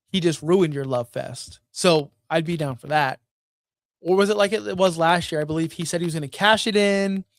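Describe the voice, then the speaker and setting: A man's voice: a little high, no echo, clean studio sound. A man hosting a wrestling show, ranting in a blunt, profane, exasperated way. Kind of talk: casual rant commentary.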